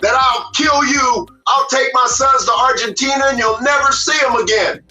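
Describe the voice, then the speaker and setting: A man putting on a tender older mother who pleads softly with her grown son. His voice is high and bright, and it sounds echoey and distant over faint music. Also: moderate pace, exaggerated voice. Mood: pleading. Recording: echoey room, far from mic, faint music.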